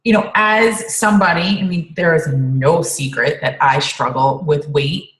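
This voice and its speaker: Casting: woman team coach, low-ish voice, loose rambling talk, echoey room sound. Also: unhurried, a bit bright. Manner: rambling, many fillers and restarts. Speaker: team coach on a group call. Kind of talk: casual team call chat.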